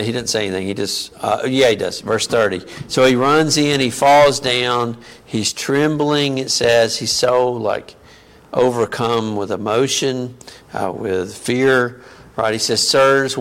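A man's voice: medium pitch, vocal fry. A man preaching a sermon in a conversational teaching manner, often asking the congregation questions.

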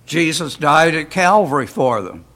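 Unhurried and fairly bright, this man's fairly high voice swings widely in pitch as he leads a casual Bible study in a church. He talks in a folksy way, often asking rhetorical questions.

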